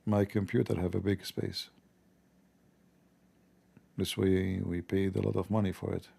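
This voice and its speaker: Gravelly, dark-voiced man chatting on stream. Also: sits low, little pitch movement, unhurried. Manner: rambling, joking, talks to viewers. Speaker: live stream host. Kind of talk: casual live-stream chat.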